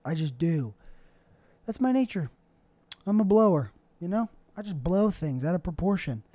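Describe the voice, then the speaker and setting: A man's voice: high voice, big pitch swings, moderate pace, warm tone, dry recording. A young man hosting a solo podcast, rambling through a loose, self-deprecating monologue with jokey asides. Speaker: podcast host.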